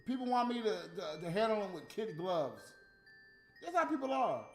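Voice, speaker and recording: A man ranting in profane, casual talk to his viewers, swinging from low muttering to loud outbursts. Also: big pitch swings, normal speed. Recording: roomy echo, faint music behind.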